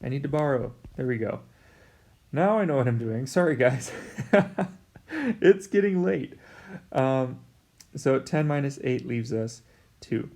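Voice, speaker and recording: A man's voice: mid-range voice, lively intonation, unhurried, vocal fry, long pauses, a little mellow. A male math teacher explaining a lesson in a casual, chatty way. He talks straight to his students and jokes about his own slips as he works. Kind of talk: recorded math lesson at a whiteboard.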